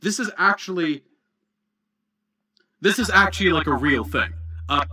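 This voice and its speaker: A man's voice: high-pitched, lively intonation, unhurried, sharp tone, breathy edge. A man giving livestream commentary on a video, mocking and swearing as he talks.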